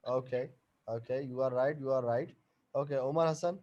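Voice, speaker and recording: A man's voice: mid-range voice, muffled recording, noisy background. Man teaching, repeating himself. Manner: repeats each point and question slowly. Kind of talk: online class lecture. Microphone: video call.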